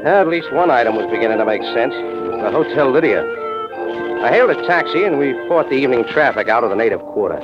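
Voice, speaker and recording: A man's voice: mid-range voice, big pitch swings, quick pace, natural voice. An actor playing a hard-boiled American man who narrates his own case, dry and wisecracking, in 1940s radio acting. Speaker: narrator and lead. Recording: dull old radio recording. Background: music.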